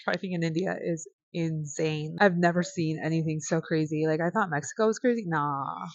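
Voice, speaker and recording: A woman from the United States tells a travel mishap as a casual vlog storytime, slangy and given to the odd curse word. Her voice sits a little low. The sound is dry and close, with a dull, lo-fi quality. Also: moderate pace, dry recording. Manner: slangy, swears casually, animated retelling. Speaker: vlogger.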